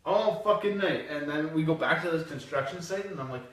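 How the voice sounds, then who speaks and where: Brief: young male host, slightly high voice, swears a lot, animated storyteller, echoey room, mic far off. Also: a little fast. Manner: profane, animated, laughing storyteller. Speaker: podcast host. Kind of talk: casual storytelling.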